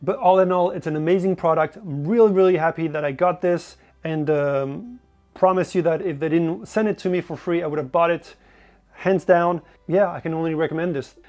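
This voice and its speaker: A man's voice: fairly high pitch, fairly quick, darkish tone, dry recording, faint music behind. Upbeat young man reviewing a gadget. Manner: enthusiastic, direct to camera. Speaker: product reviewer. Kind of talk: casual product review.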